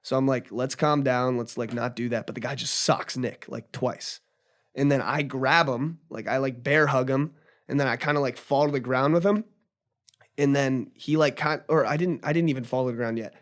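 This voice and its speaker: A man's voice: mid-range voice, moderate pace. A young man telling a story casually as a podcast guest, rambling with lots of fillers and restarts. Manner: rambling, filler-heavy retelling with frequent restarts.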